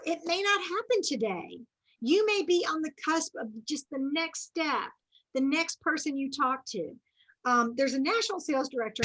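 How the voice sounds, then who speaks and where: Bright, high-voiced woman giving a chatty pep talk. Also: poor audio. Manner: chatty and earnest, with frequent asides and restarts. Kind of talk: faith-based motivational talk.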